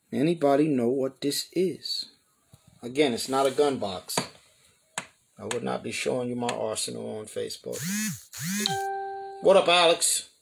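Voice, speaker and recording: Excited man live-streaming, slow drawl. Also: mid-range voice, slightly rough. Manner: excited, chatty, greets viewers by name. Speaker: pigeon show host. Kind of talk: live-stream chat with viewers.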